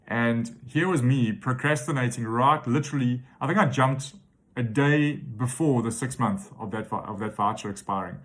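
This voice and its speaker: Podcast host in his forties, mid-pitched man, reflective motivational storytelling. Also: moderate pace. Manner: reflective storytelling with frequent fillers.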